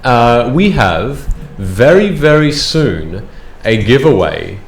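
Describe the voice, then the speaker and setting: A man hosting a live tabletop game stream, making casual announcements in a rambling, halting way that keeps restarting phrases. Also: mid-range voice, sing-song, faint music behind. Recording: roomy echo, faint noise.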